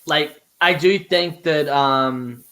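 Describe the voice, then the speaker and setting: A man's voice: a little high, takes it slowly, a bit bright. A young Irish man hosting a live stream, rambling casually and swearing, with frequent restarts. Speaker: host.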